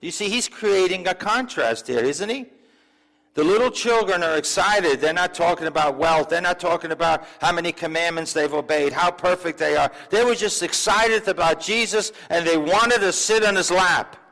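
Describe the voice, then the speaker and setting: A man's voice: sits high, normal speed, a bit bright. A male pastor preaching a sermon in a church, talking conversationally with asides and questions to the congregation. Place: church sanctuary. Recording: long reverb of a church hall.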